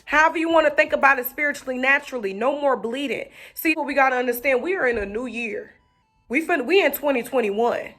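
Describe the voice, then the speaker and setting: High-voiced woman preaching over soft music. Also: quick pace. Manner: repetitive, rhythmic preaching with casual slang. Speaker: online preacher. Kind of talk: encouraging sermon to camera.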